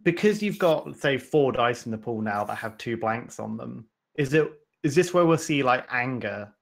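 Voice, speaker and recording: A man's voice: medium pitch, lively intonation, moderate pace, creaky. A man co-hosting a podcast, thinking aloud and posing questions in a casual card game chat. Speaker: podcast co-host.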